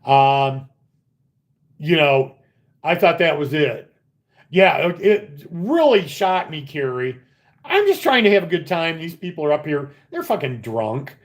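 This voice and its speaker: Animated swearing slot-channel host, lively pitch. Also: male voice, unhurried. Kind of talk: casual live-stream chat. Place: casino upstairs area.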